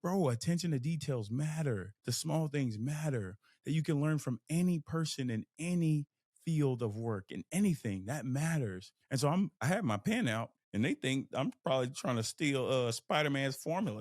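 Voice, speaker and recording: A young man from Texas, hosting a podcast and giving an emphatic, animated motivational talk. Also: mid-range voice, moderate pace, no echo, studio quality. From Fort Worth, Texas. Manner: animated, emphatic, acts out inner voices. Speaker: podcast host. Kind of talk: motivational monologue.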